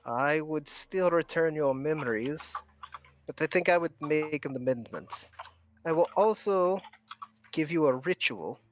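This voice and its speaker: A suave male devil lord in a fine suit, voiced for a tabletop game by a man. He offers bargains in a smooth, polite, scheming way, pitched a bit above a plain speaking voice. The sound is dull and lo-fi. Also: lively intonation, measured pace, slight background noise. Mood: bargaining.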